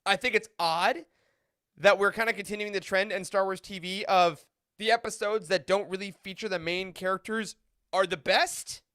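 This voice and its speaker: Bright high-voiced enthusiastic male podcast host. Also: moderate pace, no room sound, studio quality. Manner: enthusiastic, laughs often, animated asides. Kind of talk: casual podcast roundtable.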